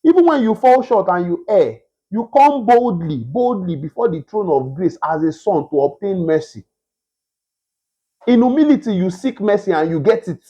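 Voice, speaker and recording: A man preaching a sermon, emphatic and repetitive, with a husky voice. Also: high voice, animated, normal speed, dark tone, muffled recording. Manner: emphatic, repetitive, mimics beggars in a whiny voice.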